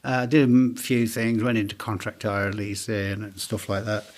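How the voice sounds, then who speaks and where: Guy in his 40s telling business war stories, really animated, does all the voices. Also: fairly low pitch, normal speed. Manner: animated anecdotes, acts out quoted dialogue. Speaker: business owner guest. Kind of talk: casual storytelling interview.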